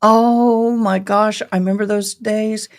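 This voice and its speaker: A Southern woman in her forties with a mixed Tennessee and Texas accent hosts a casual live stream. She talks at a slow, unhurried pace, and her voice has a gravelly, fry-edged texture. Her manner stays folksy and chatty as she greets viewers by name. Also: mid-range voice, steady tone. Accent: mixed East Tennessee and Texas Southern. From Tennessee, raised in Texas. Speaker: livestream host.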